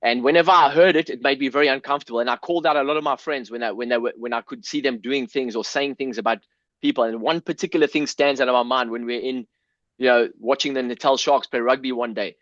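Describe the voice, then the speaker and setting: A man's voice: medium pitch, fairly even intonation, fast talker, fairly bright tone, no echo. Earnest South African man, dull dry sound. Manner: earnest, emotional, swears, frequent restarts. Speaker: podcast guest. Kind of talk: candid personal storytelling.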